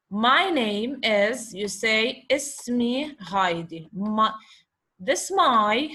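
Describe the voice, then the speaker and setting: A woman teaching a slow online lesson, patiently repeating and sounding out letters over a video call. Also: on the high side, pushed and bright, slightly rough. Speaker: Arabic teacher.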